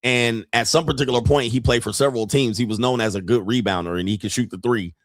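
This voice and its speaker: A man's voice: mid-range voice, quick pace, no room sound, studio quality. A man hosting a casual commentary show, reacting to clips in a profane, mocking way and laughing often. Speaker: host.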